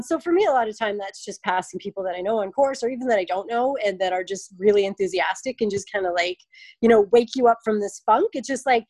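A woman in her thirties talks in a fairly high voice, full of fillers and quick asides. She acts out the people in her stories with lively voices. The sound is close and dry. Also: no room sound, rough recording. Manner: chatty storyteller, acts out quotes with lively voices. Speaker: guest, obstacle race athlete. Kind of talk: casual podcast interview.

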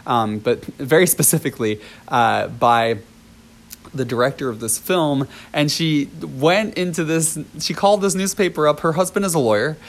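A man's voice: a little high, normal speed. Chatty man telling a storytime. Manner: chatty storytelling with laughs, filler ums and restarts. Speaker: dance teacher. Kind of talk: storytime vlog.

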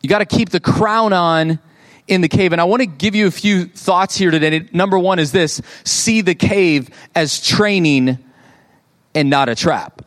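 A male pastor in his thirties preaching a sermon in a church, conversational and animated, acting out quoted voices. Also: measured pace. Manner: animated, conversational, acts out quotes with rising pitch.

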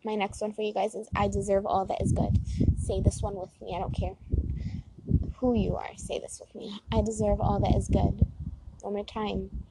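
A woman's voice: mid-range voice, level tone, normal speed, gravelly, very noisy. A young woman in a casual, encouraging tone, leading spoken affirmations and repeating each one for listeners, with many fillers like "like" and "you know". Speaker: host.

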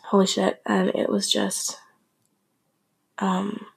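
A young woman shares a personal story in a loose, candid podcast style. She is emotional and unfiltered, cursing now and then and circling back on her own sentences. Her voice sits at an ordinary middle pitch. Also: monotone, takes it slowly, creaky, slightly rough. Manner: candid and emotional, with laughs, swearing and frequent restarts.

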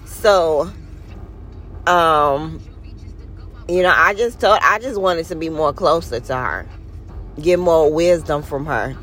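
A podcast host with a deep, fairly bright voice speaks directly to her listeners in a casual, heartfelt inspirational monologue. She leans into key words and stretches them out, earnest and a bit preachy as she encourages them. Her pace stays slow and deliberate, with a little hiss or hum in the background.

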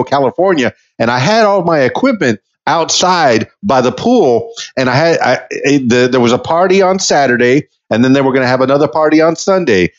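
A man from Florida hosting a podcast interview, chatty and enthusiastic. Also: mid-range voice. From Miami, Florida. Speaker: podcast host. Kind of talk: casual interview talk. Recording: lo-fi recording.

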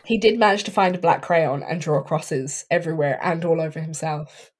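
A woman casually discussing a horror film, chatty, laughing often and filling pauses with ums. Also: sits low, breathy edge. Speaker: podcast co-host.

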